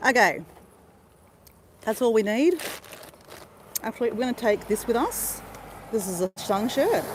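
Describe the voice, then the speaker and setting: A woman's voice: medium pitch, background noise. A woman chatting casually to viewers as she vlogs a beach walk, talking into her phone camera. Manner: chatty, addresses viewers as "guys". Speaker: vlogger. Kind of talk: casual live-stream vlog. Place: outdoors by a beach and car.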